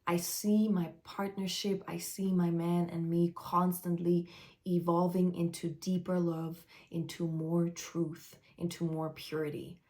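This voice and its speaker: Slow, earnest woman spiritual coach. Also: lowish voice, little pitch movement, mellow. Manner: earnest, searching for words, frequent "like" fillers. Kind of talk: unedited stream-of-consciousness live talk.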